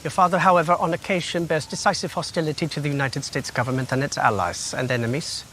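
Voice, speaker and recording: A man's voice: a little high, fairly even intonation, quick pace, fairly bright tone, slight background noise. An American actor playing a polite, guarded young man with a put-on Norwegian accent.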